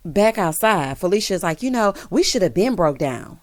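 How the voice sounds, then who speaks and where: With a fairly low voice at a moderate pace, a woman vlogs a reality show recap in clean studio sound with no room sound. Her storytelling is sassy, playful, and animated, full of impressions of what the cast said.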